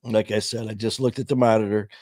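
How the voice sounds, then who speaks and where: A man's voice: lowish voice, level tone, quick pace, a little mellow, no echo, clean studio sound. A middle-aged man hosting a live stream, telling stories in rambling, casual talk full of fillers. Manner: rambling storyteller, frequent "uh" and "you know". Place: home studio. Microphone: studio mic.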